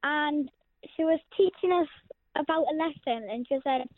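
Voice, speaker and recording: A woman's voice: high-pitched, normal speed, dry recording. A teenage girl calling in to a radio show, talking in a shy, hesitant, giggly way. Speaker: caller. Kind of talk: phone-in chat. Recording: tinny phone line.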